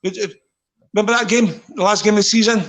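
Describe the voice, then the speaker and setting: A man's voice: high-pitched, steady tone, quick pace, fairly bright tone, poor audio. A man, a former footballer, telling rambling dressing-room stories in casual chat, often repeating his words.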